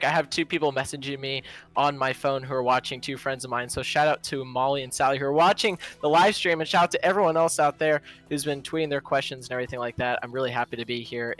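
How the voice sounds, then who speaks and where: A man who is a drone racing pilot, talking casually on a livestream in an easygoing way with many fillers. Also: mid-range voice. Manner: relaxed, easygoing, with frequent fillers.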